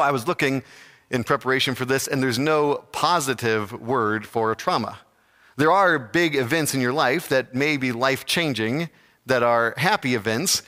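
A man giving a slow, reflective, sermon-like talk with pauses. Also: mid-range voice, sharp tone, long reverb tail.

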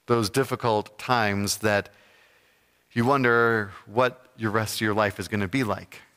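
A man giving a slow, reflective, sermon-like talk with pauses. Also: lowish voice, steady tone, fairly bright tone, clean tone, long reverb tail.

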